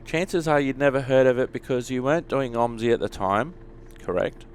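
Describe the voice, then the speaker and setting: A man's voice: mid-range voice, lively intonation, normal speed, slight background noise. An Australian man hosting bus simulator gameplay, answering viewer questions with dry, joking humour. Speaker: YouTube gaming host.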